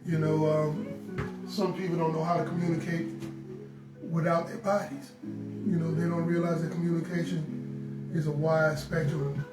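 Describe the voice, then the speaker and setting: A man's voice: fairly high pitch, level tone, unhurried, recorded from a distance. A man co-hosting a live relationship talk stream, giving earnest advice and repeating his points. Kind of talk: casual live-stream chat. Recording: roomy sound with guitar music behind.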